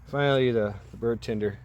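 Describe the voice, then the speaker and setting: A man stands by an outdoor path recording a vlog on a camera mic, rambling profanely through a movie's plot and laughing at himself. His medium-pitched voice is a little mellow, and the audio is dull with slight hiss or hum.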